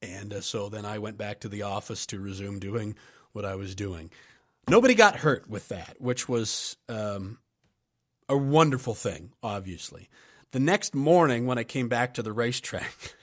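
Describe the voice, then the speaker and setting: A man hosting a podcast who tells a story in a relaxed, anecdotal way and chuckles as he goes. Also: medium pitch. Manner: relaxed, anecdotal, laughs while telling. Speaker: podcast host.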